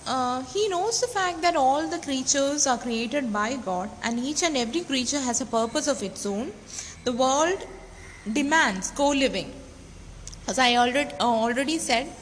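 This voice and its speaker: A woman teaching a literature lesson, explaining a text with frequent pauses and restarts, and reading quotations slowly. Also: high voice, expressive, a bit bright. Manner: many fillers and restarts, reads quoted passages slowly. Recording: roomy reverb, faint background noise.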